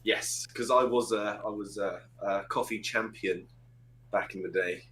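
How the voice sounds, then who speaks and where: A man in his thirties, a guest on a casual podcast, relaxed and quick to laugh. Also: on the low side, poor audio. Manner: laid-back, laughs easily. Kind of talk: casual chat.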